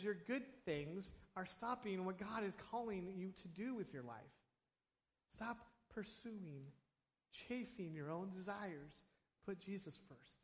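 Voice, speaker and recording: A man pastor giving a sermon in a church, talking in an animated, conversational way with casual asides. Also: high voice. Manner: conversational, animated preaching with asides and acted quotes. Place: church sanctuary. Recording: long hall reverb.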